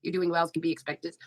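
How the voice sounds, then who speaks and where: A woman hosts a live commentary stream, chatting casually in a sarcastic, profane way while reading out comments. Her voice is on the low side, and the recording is low quality but has no echo.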